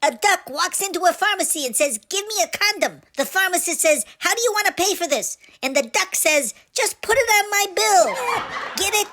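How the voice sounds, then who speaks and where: Sassy little dog, very high squeaky voice, swooping and lively, blunt and cranky. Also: male voice, moderate pace, full character voice. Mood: wisecracking. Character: sassy wisecracking male Pomeranian dog. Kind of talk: comic sketch dialogue.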